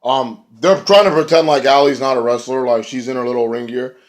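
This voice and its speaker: A man's voice: medium pitch, steady tone, brisk. A man reviewing a wrestling show in a casual, rambling rant, swearing freely and acting out what the wrestlers said. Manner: rambling and profane, acts out quotes.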